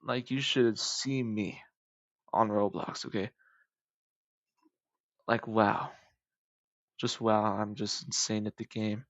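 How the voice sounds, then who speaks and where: A man's voice: lowish voice, fairly bright tone, no room sound, muffled recording. A young man in his late teens rambling casually over gameplay, joking and correcting himself as he goes. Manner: jokey, rambling, self-correcting asides. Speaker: gaming video maker.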